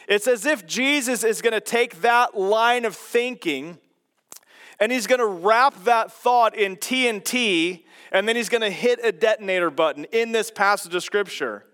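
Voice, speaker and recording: Male pastor preaching in a church, high smooth voice, emphatic and slows on key lines. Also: fairly bright tone. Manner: emphatic, slowing on key phrases. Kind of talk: sermon. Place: church sanctuary.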